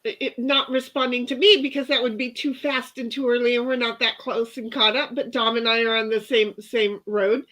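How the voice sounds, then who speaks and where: A woman's voice: fairly high pitch, steady tone, brisk, few pauses, a bit bright. A woman co-hosting a casual livestream, reading chat messages aloud and chatting in a rambling, laughing way. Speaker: livestream co-host. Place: home office in a garage.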